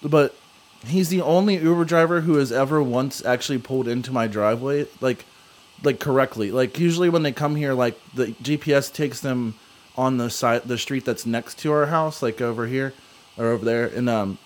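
A man's voice: mid-range voice, moderate pace. A young man telling a long story in casual chat, rambling with many fillers.

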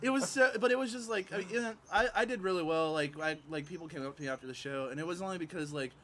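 A man's voice: a little high, fast, a little hiss or hum. Profane, laughing storyteller man. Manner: animated, profane, laughing while telling. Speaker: podcast panelist and stand-up comic. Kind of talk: casual storytelling chat. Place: home porch, outdoors.

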